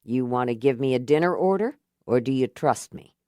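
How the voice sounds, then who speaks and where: A woman voicing a steady, wry middle-aged man in an audiobook, talking low, calm and reassuring with dry jokes. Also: moderate pace, no echo. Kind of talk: audiobook character voice.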